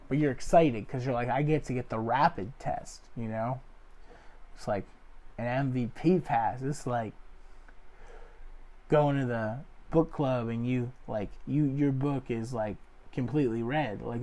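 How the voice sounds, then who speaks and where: A young man, a comedy show host, rambling through a loose joke monologue full of fillers and deadpan asides. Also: medium pitch, unhurried. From Ohio area. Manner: loose, filler-heavy, deadpan jokes with acted quotes. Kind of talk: rambling stand-up style monologue.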